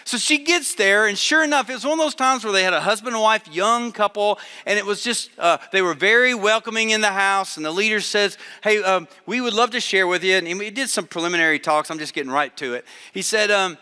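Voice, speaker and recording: A man preaching a sermon to a live audience, telling a story with animated voices for the people in it. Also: high-pitched, brisk, hardly any pauses, smooth, big-room sound.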